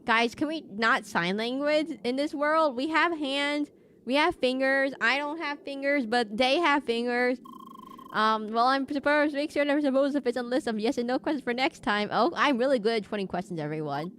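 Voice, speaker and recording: A woman's voice: sits high, moderate pace, fairly bright tone, a little hiss or hum. A woman streaming a video game, chatting in a rambling casual way with many fillers and restarts. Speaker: VTuber streamer.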